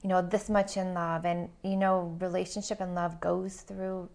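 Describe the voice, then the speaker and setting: Woman counselor chatting on a podcast, earnest and thoughtful, lots of "like, you know", gravelly fry. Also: lowish voice, level tone, moderate pace, a little mellow. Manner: earnest and reflective, with many "like" and "you know" fillers. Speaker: relationship counselor and podcast co-host. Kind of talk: casual chat.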